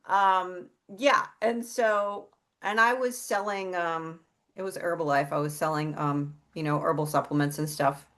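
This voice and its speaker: A woman's voice: fairly low pitch, steady tone, a little slow, a bit bright. A middle-aged woman, an interview guest, telling a personal story in a candid, casual way and swearing freely. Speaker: interview guest, psychic and healer.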